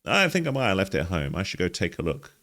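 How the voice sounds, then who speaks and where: A man's voice: deep voice, huge pitch swings, quick pace, sharp tone, full character voice. A man voicing a scatterbrained, apologetic young male office intern while reading game dialogue aloud. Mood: flustered. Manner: apologetic, flustered.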